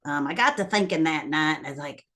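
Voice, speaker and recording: A woman's voice: deep voice, fast talker, fairly bright tone. A woman telling a family story to her viewers in a casual, rambling way, full of ums and little laughs. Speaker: vlogger.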